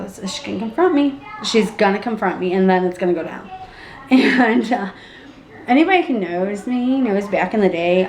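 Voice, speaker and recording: A young pregnant woman vlogging casually, animated and acting out what people said with big jumps in her voice. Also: vocal fry. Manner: animated, acts out quotes with big pitch jumps. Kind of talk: casual storytelling vlog. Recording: echoey room with faint background hum.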